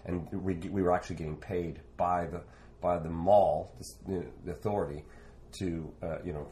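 In a slightly noisy clip, a former street performer from Canada spins a meandering, animated anecdote while chatting, his low voice moving at a moderate pace and peppered with filler words.

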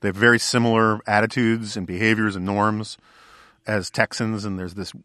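A male podcast host asks questions in a casual, rambling way, full of uhs. His voice sits a little low, and the recording is dry and close with no room sound. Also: level tone, moderate pace, pushed and bright, dry recording. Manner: casual, conversational, filler-heavy questions. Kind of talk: podcast conversation.

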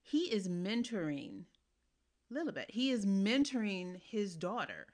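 A woman co-hosting a casual TV recap chat, blunt, profane and animated. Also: medium pitch, measured pace. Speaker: podcast co-host. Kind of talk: casual chat about a TV series.

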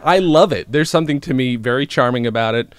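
A man's voice: medium pitch, quick pace, clear, resonant tone, dry recording. A man hosting a podcast, chatting casually with enthusiasm, laughing often and poking fun at himself. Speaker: podcast host. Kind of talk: casual conversation.

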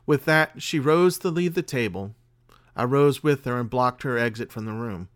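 A man hosting a podcast and reading a spooky tale aloud in a measured, dramatic way. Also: medium pitch. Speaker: podcast host and story reader. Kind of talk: scripted story narration.

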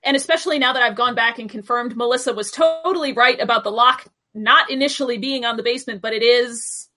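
A woman's voice: fairly high pitch, fast. A woman co-hosting a podcast, chatting casually and firing off questions from a list. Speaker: podcast co-host. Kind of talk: casual chat.

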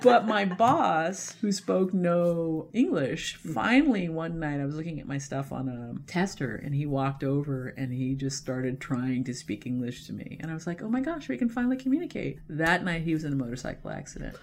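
Low-voiced woman telling animated stories. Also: normal speed, few pauses. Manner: animated, laughs often, acts out quoted voices. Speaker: guest, animation director and storyboard artist. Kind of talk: casual interview storytelling.

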